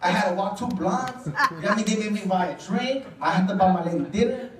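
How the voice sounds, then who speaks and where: A man's voice: high-pitched, expressive, quick pace. A man with a Chicano English accent doing a profane, rambling, self-deprecating stand-up set on a club stage. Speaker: stand-up comedian. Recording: roomy club sound, mic far off, crowd laughing. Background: audience laughter.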